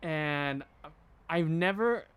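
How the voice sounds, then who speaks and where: A man's voice: fairly high pitch, expressive, very slow, a bit bright, clean tone. A young man co-hosting a podcast, asking questions casually and laughing often. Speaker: podcast co-host. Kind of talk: casual chat.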